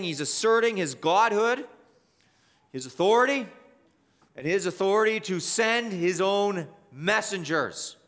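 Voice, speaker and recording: A man preaching an expository sermon, emphatic, slowing down and repeating key phrases for stress. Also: a little high, a bit bright.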